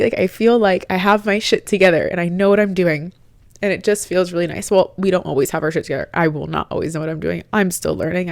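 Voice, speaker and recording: A young woman with a slightly low voice hosts her podcast in a relaxed solo chat. She speaks candidly and from the heart, chatty and open. The sound is close and dry, with no room around it. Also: dry recording. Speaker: podcast host.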